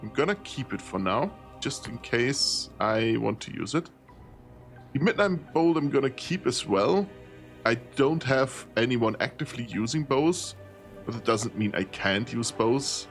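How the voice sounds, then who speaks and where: A man's voice: medium pitch, animated, unhurried, soft background music. A tired man streaming a role-playing game, thinking aloud as he sorts loot, often laughing. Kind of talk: casual gameplay commentary.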